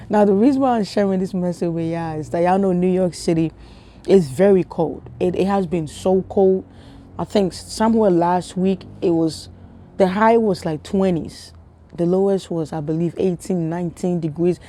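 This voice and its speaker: Ghanaian woman vlogging, telling a story to her viewers, mellow low-key tone, keeps asking them stuff. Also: normal speed. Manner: chatty, talks straight to viewers with rhetorical questions.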